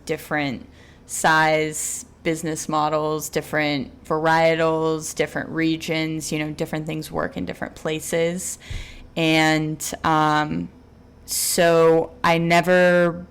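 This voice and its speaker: A woman who works as an assistant winemaker answers in a measured, casual way with frequent ums and you knows. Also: sits low, clean tone. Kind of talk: casual podcast interview.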